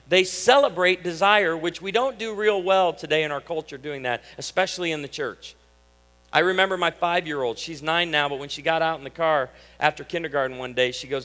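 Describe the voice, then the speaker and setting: A man's voice: fairly high pitch, moderate pace. A man, preaching a sermon and telling stories that act out family conversations. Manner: storytelling, acts out family dialogue with animated swings. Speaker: pastor. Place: church sanctuary. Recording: long reverb of a church hall.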